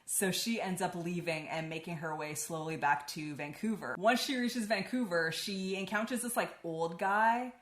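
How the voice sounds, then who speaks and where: Casual lady rambling through a book review, lowish voice, swears a lot, echoey room. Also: normal speed, few pauses. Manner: chatty, swears freely, lots of "like".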